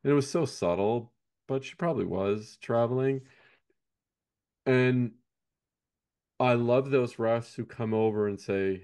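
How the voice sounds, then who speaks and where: A man's voice: mid-range voice, unhurried, pauses often, a little mellow, smooth. A man, a basketball coach, chatting casually on a podcast, rambling and often ending points with "right?".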